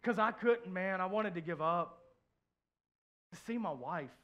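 A pastor preaching a heartfelt sermon in church, sharing a personal story, repeating phrases and swinging from soft to loud. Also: male voice, high-pitched, expressive, unhurried, highs cut off. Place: church, before a congregation.

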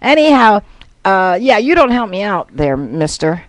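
A woman's voice: medium pitch, big pitch swings, normal speed, dry recording, poor audio. A woman guest on a radio talk show, telling a long rambling story in casual chat.

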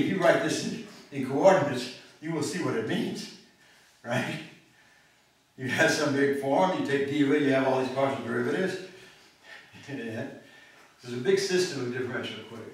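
A male mathematics professor giving a university lecture, thinking aloud and often checking in with the class. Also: medium pitch. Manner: thinking aloud, frequent restarts and checks with "okay?". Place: large echoey lecture room. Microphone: distant room mic. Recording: very echoey hall, voice from far off, faint noise.

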